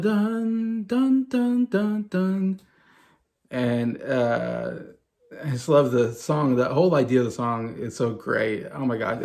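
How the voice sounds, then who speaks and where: A man around forty chats casually to camera about music he loves, eager and loose. His mid-range voice has a gravelly fry to it, and he wanders through his points with plenty of "you know" and restarts. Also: mid-range voice. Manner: enthusiastic, rambling, many fillers and restarts. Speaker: music vlogger.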